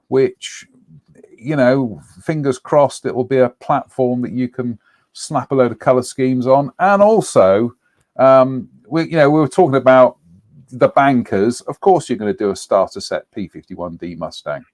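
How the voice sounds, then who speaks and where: Male co-host, casual and rambling, mid pitch, dry close sound. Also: unhurried, darkish tone, dry recording. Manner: rambling, frequent ums, reading out viewer names. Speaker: co-host of a live stream. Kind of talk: casual live-stream chat.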